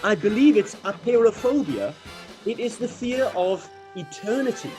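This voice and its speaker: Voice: mid-range voice, animated, moderate pace, a little mellow. Co-host on a school radio show, playful chat, some music under it.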